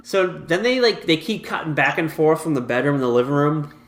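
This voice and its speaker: A man's voice: fairly high pitch, fairly quick, fairly bright tone. A young man co-hosting a podcast, rambling casually through an episode recap with lots of "like" and the odd swear. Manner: rambling, heavy on "like", laughs, swears. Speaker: podcast co-host. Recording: echoey room.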